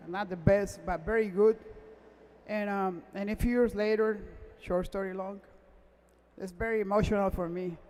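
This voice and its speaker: At an awards gala, a race car mechanic gives an emotional, halting acceptance speech in non-native English, close to tears and often repeating himself. His voice is high-pitched with a darkish tone, and the hall adds an echoey reverb.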